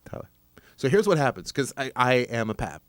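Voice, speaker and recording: A man co-hosting a casual podcast, telling a long story with lots of swearing and sudden jumps in pitch. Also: very animated, fairly quick, no room sound, clean studio sound. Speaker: podcast co-host. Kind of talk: casual chat.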